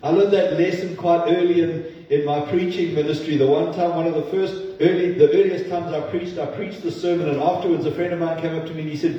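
A man's voice: a little high, steady tone, a little fast, hardly any pauses, warm tone. A male pastor giving a sermon in an earnest, conversational way, with self-deprecating asides. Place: church sanctuary. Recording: distant, roomy, dull-toned church recording.

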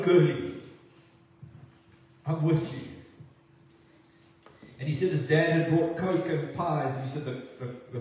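A man preaching a sermon in a church, earnest and halting, often repeating words as he restarts. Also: fairly high pitch, darkish tone. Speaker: pastor. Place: church hall. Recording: echoey hall, distant mic.

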